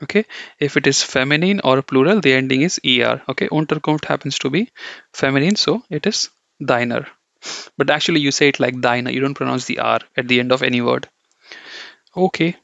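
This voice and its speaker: A man's voice: mid-range voice, brisk, gravelly, a bit bright, dry recording. A man teaching an online German lesson, explaining step by step with frequent checks like "okay" and "you know". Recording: dull, lo-fi dry recording.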